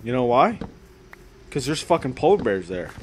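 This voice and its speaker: Foul-mouthed man yelling over gameplay. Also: mid-range voice, sing-song, normal speed, slight background noise. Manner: swears constantly, lurches from hushed murmurs to yelling. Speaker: gaming channel host. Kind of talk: crude gameplay commentary.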